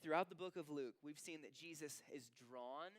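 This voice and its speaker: A male pastor preaching a sermon in an animated, conversational way, with casual asides to the congregation. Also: a little high, normal speed, no echo. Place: church sanctuary.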